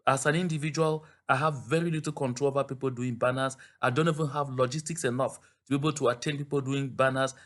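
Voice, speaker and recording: Man, activist commentator, slow, earnest, solemn address. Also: medium pitch, fairly bright tone. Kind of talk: direct-to-camera address.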